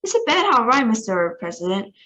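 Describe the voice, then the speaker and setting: A woman's voice: fairly high pitch, sing-song, brisk, pushed and bright, voice pushed up. A woman reading aloud, voicing an eager, fawning male astronaut. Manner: deferential, gushing.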